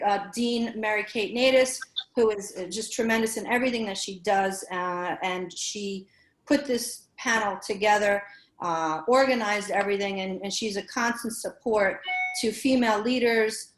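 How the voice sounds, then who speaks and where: A woman with a New York accent, moderating a panel and introducing speakers, talking quickly with many fillers and restarts. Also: medium pitch, echoey room, rough recording. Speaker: panel moderator, university program director. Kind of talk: panel introduction on a video call.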